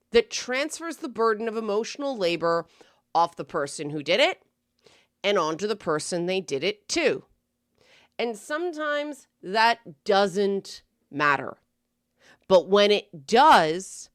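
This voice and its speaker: A woman's voice: mid-range voice, dry recording, studio quality. A woman hosting a talk show, giving blunt, wry, emphatic advice in a scripted commentary style. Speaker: host.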